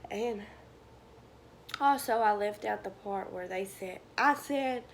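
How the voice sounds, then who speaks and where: A young woman speaks to her camera in an ordinary middle pitch, emotional and halting. Her voice at times sinks to a whisper, and a faint hiss sits under the recording. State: tearful. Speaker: vlogger. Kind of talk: personal storytelling to camera.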